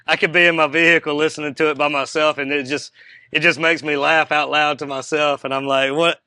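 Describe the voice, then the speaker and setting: Male interview host; enthusiastic, laughs easily, bright tone. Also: fairly high pitch, level tone, fairly quick, clean tone, no echo. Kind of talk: casual interview.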